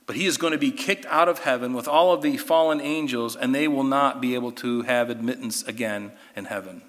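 A man teaching a Bible study class, animated and given to sarcastic asides. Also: mid-range voice, a little fast, big-room sound.

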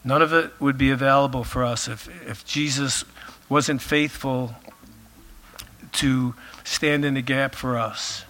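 A man delivers a sermon in a casual, chatty way, peppering his points with filler phrases. His voice is bright and forward, though it is starting to wear thin as he loses it. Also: mid-range voice, fairly even intonation, measured pace, faint music behind. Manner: conversational, many filler phrases. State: losing his voice. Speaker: pastor.

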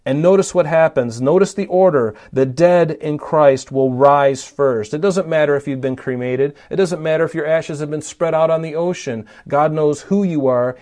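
A man's voice: on the high side, mellow. A man preaching a Bible-teaching sermon, emphatic, often saying "notice" and asking his listeners questions.

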